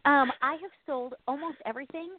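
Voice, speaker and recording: A woman's voice: high voice, fairly quick. A woman co-hosting a casual radio chat, bubbly and rambling, laughing often, sounding stressed and tired. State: stressed and exhausted. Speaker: co-host. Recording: tinny phone line, dry.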